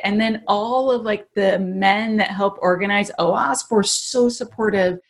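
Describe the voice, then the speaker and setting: A woman is chatting on a video call and telling a personal story. She sounds animated and laughs easily. Her voice sits at a mid pitch. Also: a little slow, hardly any pauses. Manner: animated, acts out quoted voices, laughs often. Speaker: guest.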